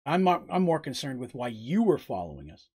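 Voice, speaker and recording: A man's voice: mid-range voice, wildly swooping pitch, fairly quick, husky, exaggerated voice. A man voicing an intense young warrior who talks bluntly and protectively. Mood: suspicious. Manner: blunt and forceful.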